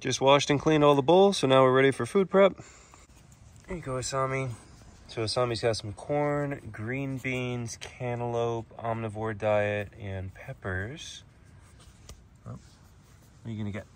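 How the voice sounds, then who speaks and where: A man's voice: medium pitch, fairly even intonation, unhurried, slight background noise. A man keeping an animal sanctuary, chatting casually to viewers as he feeds the animals and talking to them affectionately. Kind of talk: casual vlog while feeding animals.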